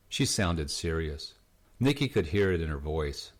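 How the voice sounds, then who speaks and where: A man narrating an audiobook in a calm, steady reading voice. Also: a bass voice, unhurried. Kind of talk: scripted narration.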